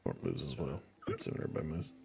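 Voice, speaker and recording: A man's voice: rumbling low, big pitch swings, rapid-fire, creaky, darkish tone. A man narrating combat and scenes as game master of a tabletop game.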